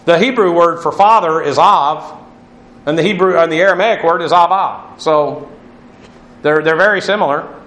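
In an echoey room, a male Bible teacher gives a classroom lecture, explaining Greek words and spelling them out letter by letter. His voice is fairly high and fairly bright, moving at normal speed.

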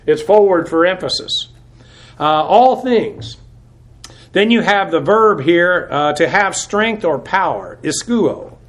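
A man teaching a Bible study, methodically explaining and spelling out Greek words with frequent hesitations. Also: high voice. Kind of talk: verse-by-verse Greek word study.

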